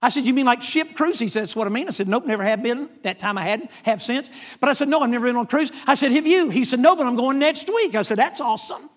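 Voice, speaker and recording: A man with a very high speaking voice preaches with lively energy. He tells a story and acts out every part of the dialogue, then moves into scripture. He sounds middle-aged and comes from the United States. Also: quick pace, few pauses. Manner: animated storyteller acting out dialogue. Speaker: evangelist preacher. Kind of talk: storytelling sermon.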